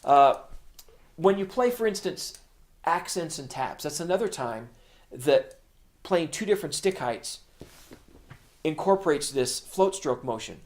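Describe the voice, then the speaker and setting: A man's voice: fairly high pitch, animated, measured pace, pauses often. A middle-aged man teaching a drum lesson, explaining patiently in plain words and counting beats aloud. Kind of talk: instructional video lesson.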